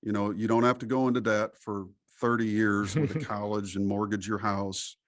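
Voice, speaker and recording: A middle-aged man from the United States, a podcast interview guest, talking in an animated, preachy storytelling way. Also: on the low side, normal speed, dry recording, studio quality.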